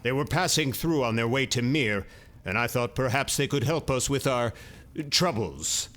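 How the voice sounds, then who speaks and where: A man's voice: mid-range voice, expressive, normal speed, fairly bright tone, close to an everyday voice. A man playing a courteous soldier. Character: polite male soldier, eager and deferential.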